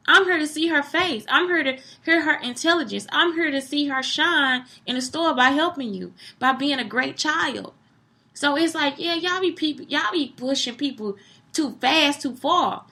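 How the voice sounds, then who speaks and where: A young woman delivers a casual, blunt monologue, swearing freely and animated throughout. Her voice sits high and sounds bright and forward.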